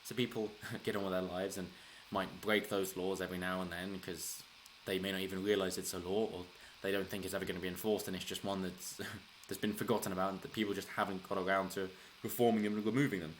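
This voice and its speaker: Low-voiced man rambling commentary. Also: flat delivery, quick pace, hardly any pauses, slight background noise. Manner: rambling, frequent restarts, chuckles while talking. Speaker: political commentary channel host. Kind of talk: casual solo commentary.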